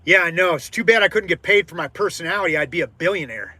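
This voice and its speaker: A man hosting a casual live stream as an artist, rambling with lots of fillers and restarts, loud by his own account. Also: high-pitched, fast, dry recording. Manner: loud-mouthed, self-described.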